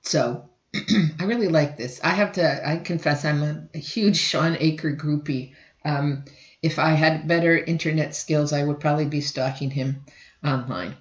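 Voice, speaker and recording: A woman instructor giving a recorded lecture, often clearing her throat and restarting sentences. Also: sits low, a little slow, echoey room, dull audio. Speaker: college instructor.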